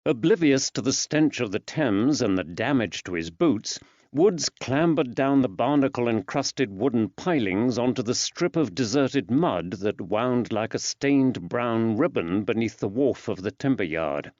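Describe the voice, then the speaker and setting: A man narrating an audiobook in a measured, even storytelling delivery. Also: medium pitch, no echo. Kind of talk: scripted narration. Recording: dull dry studio sound.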